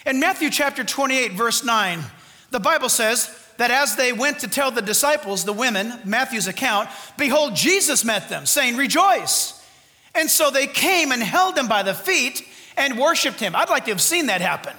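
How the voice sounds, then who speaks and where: A fervent man preaching to his church, his voice very high and bright. He is loud and exuberant, tosses in jokes, and his words ring through a long reverberant hall. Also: lively intonation, normal speed. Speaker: pastor. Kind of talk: sermon. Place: church sanctuary.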